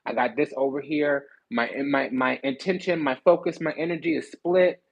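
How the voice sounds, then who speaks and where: A man giving a sassy, animated tarot reading, blunt and swearing freely. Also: on the high side, moderate pace, gravelly, husky, poor audio. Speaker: spiritual card reader.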